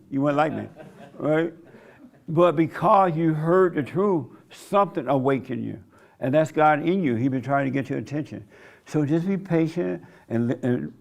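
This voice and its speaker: A man's voice: a little high, creaky, darkish tone. A man preaching an informal sermon, blunt and conversational, with a folksy way of telling stories. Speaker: preacher and host.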